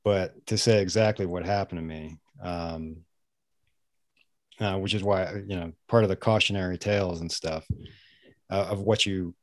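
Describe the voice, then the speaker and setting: A man who is a guest on a podcast, speaking hesitantly with many pauses, fillers and sighs. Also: sits low, steady tone, no echo, clean studio sound. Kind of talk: casual conversational interview.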